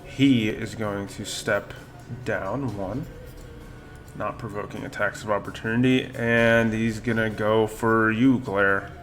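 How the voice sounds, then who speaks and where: A man acting as game master on a live stream, narrating turns and damage in a relaxed, chuckling way. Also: on the low side, takes it slowly, faint music behind. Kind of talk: running a tabletop game.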